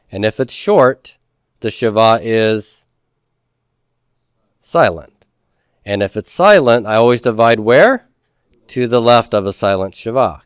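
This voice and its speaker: A man's voice: fairly low pitch, clear, resonant tone, dry recording, studio quality. A man lecturing a class on Hebrew grammar, explaining step by step and asking questions that he then answers. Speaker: Biblical Hebrew teacher.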